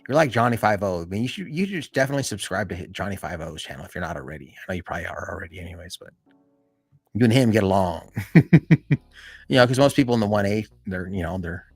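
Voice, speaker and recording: A man hosting a live stream in casual chat, rambling and filling every pause with "you know" and "like". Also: sits low, animated, breathy edge, no room sound, clean studio sound, soft background music.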